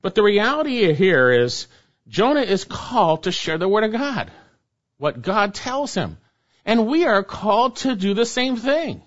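A pastor with a high voice delivers a verse-by-verse sermon. He presses his points and repeats key phrases for emphasis. The recording sounds dull and lo-fi. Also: very animated, a little slow. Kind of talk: expository sermon.

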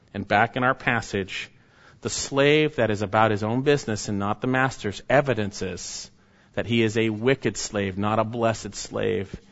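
A mid-pitched man delivers a sermon with urgent emphasis, swinging from forceful declarations to hushed warnings. His voice rings with a long reverb as if filling a large church hall. The recording sounds dull and slightly muffled. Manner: emphatic, urgent, with sharp rises and hushed drops. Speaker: preacher.

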